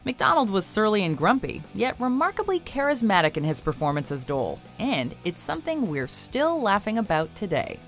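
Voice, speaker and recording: A woman's voice: medium pitch, sing-song, brisk, hardly any pauses, faint music behind. A woman giving scripted, upbeat narration for a countdown video.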